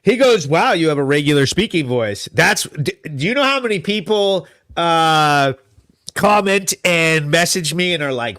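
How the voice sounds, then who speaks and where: Man hosting solo live show, high bright voice, excitable, swearing, studio. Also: measured pace. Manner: excitable, laughing, swearing, loud. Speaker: host.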